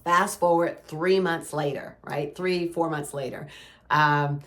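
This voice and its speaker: Woman, middle-aged, low pitch, casual devotional talk, chatty storytelling. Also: fairly even intonation, takes it slowly, fairly bright tone. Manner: chatty storytelling with frequent "right?" and "y'all". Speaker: Christian ministry speaker.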